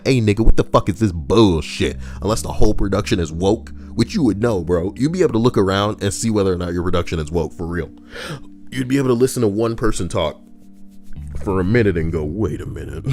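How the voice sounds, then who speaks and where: A young man reading Reddit posts and riffing on them in a crude, joking, rambling way. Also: low-pitched. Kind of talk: casual commentary.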